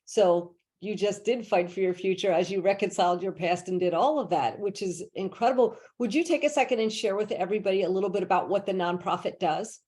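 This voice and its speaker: A woman's voice: mid-range voice, a little fast, hardly any pauses, a little mellow. A woman hosting a podcast interview, affirming her guest and setting up questions with long, winding prompts. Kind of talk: conversational interview.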